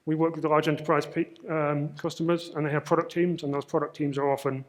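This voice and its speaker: This conference speaker, a Mancunian from Manchester in northern England, presents casually on stage, full of ums and self-deprecating jokes. His voice runs on the high side, level in tone and fairly quick.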